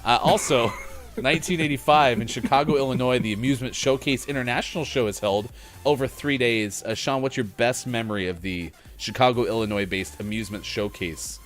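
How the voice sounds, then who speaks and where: A man's voice: medium pitch, a little fast, fairly bright tone. A man hosting a gaming morning show, joking and rambling between readings of a gaming history list. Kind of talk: casual chat.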